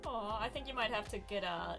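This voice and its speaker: A woman streaming a game, chatting casually and telling a rambling story with frequent laughs. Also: fairly high pitch. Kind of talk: casual chat while gaming.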